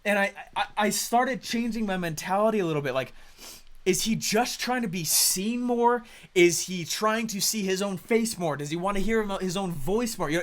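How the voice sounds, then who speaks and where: A man with a notably high voice tells a story to an audience. He sounds excitable and keeps checking in with his listeners, tossing in "okay?" and "right?" as he goes. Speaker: speaker sharing his career story. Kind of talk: animated storytelling talk to an audience.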